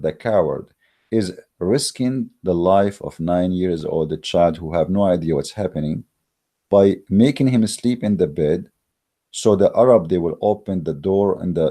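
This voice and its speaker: Low, mellow-toned man for a combative polemic talk; scornful, mocking delivery, lots of "uh" and restarts. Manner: scornful, mocking, emphatic with many fillers. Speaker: online religious debater. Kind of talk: heated polemical monologue. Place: recorded while in Germany.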